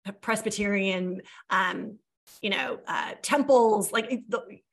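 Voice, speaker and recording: A woman's voice: mid-range voice, slow, creaky. An American woman co-hosting a casual food podcast, bubbly and enthusiastic, often saying she loves things. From United States. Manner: bubbly, enthusiastic, lots of "like" and "I love that". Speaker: podcast co-host. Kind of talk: casual chat.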